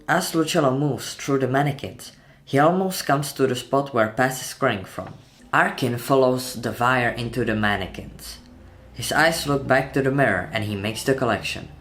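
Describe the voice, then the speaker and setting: A man's voice: medium pitch, moderate pace, a bit bright. A man retelling a horror film scene by scene in a tense, dramatic narration, voicing the sound effects himself. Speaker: channel host narrating a film breakdown.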